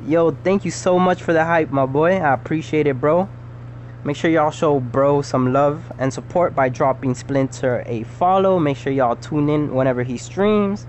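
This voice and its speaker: A male game streamer cheerfully thanking viewers and giving shout-outs. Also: fairly high pitch, a little slow, a little hiss or hum. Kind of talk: live-stream commentary.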